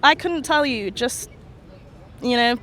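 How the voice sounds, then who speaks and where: A woman's voice: a little high, expressive, slow, fairly bright tone. A young woman chatting frankly and matter-of-factly in an outdoor interview. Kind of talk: casual chat. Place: outdoors in a city park.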